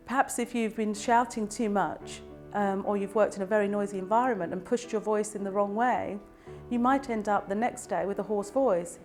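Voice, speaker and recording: A woman, a speech and language therapist, explaining voice problems in a calm, clear and measured way. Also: medium pitch, faint music behind. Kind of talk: explanatory educational talk to camera.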